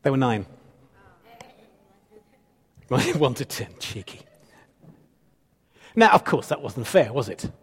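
A man's voice: mid-range voice, very animated, slow, pauses often, slightly rough, long reverb tail. A man in his fifties, a pastor preaching a sermon, playful and teasing with the congregation and repeating phrases for emphasis. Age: 50s.

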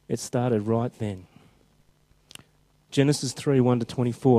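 A man preaching a chatty, informal sermon who slows down when reading scripture aloud. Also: medium pitch, expressive, mellow. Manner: conversational and chatty, slowing down for scripture quotes.

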